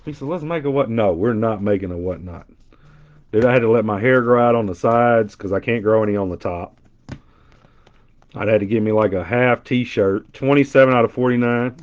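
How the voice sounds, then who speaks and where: A man's voice: fairly low pitch, moderate pace. A middle-aged man with a Southern twang, joking and bantering with his chat while opening a box of trading cards. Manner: joking, animated banter with chat, loud impressions. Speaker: card breaker. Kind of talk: casual live card-break chat. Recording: dull lo-fi stream audio.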